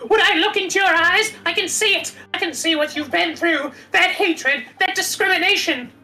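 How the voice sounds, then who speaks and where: A very high, bright voice for a despairing young foreign student, a woman acting him out. He is anxious, self-pitying and clings to anyone who will listen. Faint game music plays underneath. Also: moderate pace, exaggerated voice, low-quality recording. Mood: clingy. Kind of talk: reading a visual novel aloud.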